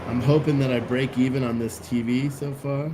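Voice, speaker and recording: A man's voice: medium pitch, flat delivery, normal speed, noisy background. Blunt rambling man hosting a livestream. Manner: rambling, blunt, profane, with restarts. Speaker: livestream host. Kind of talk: casual livestream commentary reading chat.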